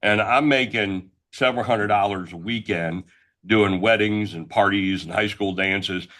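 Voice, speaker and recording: A loud, blunt middle-aged man from the Northeast of the US. His voice sits fairly low, and he tells his story in brash, casual talk-show style. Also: a little slow. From Northeastern United States. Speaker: guest entrepreneur.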